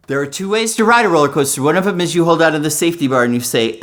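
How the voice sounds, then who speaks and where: Playful male kids' entertainer, fairly high bright voice, lots of pitch swoops, soft guitar underneath. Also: lively intonation, rapid-fire, few pauses. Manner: playful, call-and-response, big swoops up for effect. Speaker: children's entertainer. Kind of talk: interactive children's show patter. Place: public library event.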